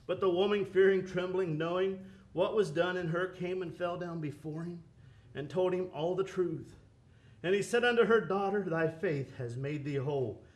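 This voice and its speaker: A man's voice: high voice, moderate pace. A man preaching a sermon with an impassioned, rising and falling cadence, quoting scripture.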